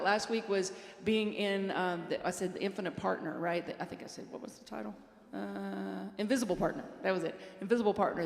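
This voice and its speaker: A woman minister giving a chatty Sunday talk to her congregation, storytelling with light laughs. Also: medium pitch. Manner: warm conversational storytelling with laughs. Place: large hall with congregation. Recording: echoey hall reverb.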